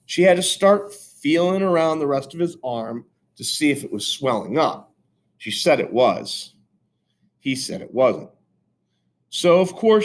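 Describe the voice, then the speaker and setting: Brief: man narrating a kids' chapter book, lively up-and-down delivery. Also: mid-range voice. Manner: animated and expressive. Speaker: reader. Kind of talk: reading a children's chapter book aloud.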